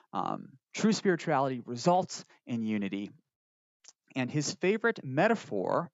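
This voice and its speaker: A man's voice: mid-range voice, dry recording. A man teaching a Bible lesson in a casual, conversational way, with frequent ums and restarts, now and then acting out quoted lines. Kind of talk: recorded Bible lesson walking through a text. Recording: dull lo-fi dry recording.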